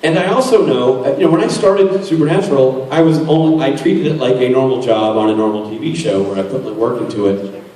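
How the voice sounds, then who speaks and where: Recorded on a phone from the crowd, a man in his forties on a convention panel rambles through jokes at his own expense. His medium-pitched voice is warm and a touch quick, and he sounds far from the mic in the echoing hall.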